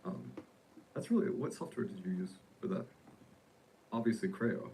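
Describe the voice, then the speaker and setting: A man interviewing a guest in a casual podcast, asking quick, curious questions. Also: lowish voice, sing-song, warm tone, slight background noise, rough recording.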